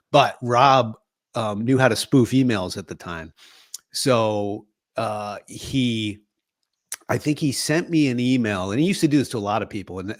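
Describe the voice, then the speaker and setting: A middle-aged man co-hosting a podcast, telling stories in a relaxed, casual chat and laughing often. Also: lowish voice, dry recording, clean studio sound. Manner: laughing storyteller. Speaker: podcast co-host.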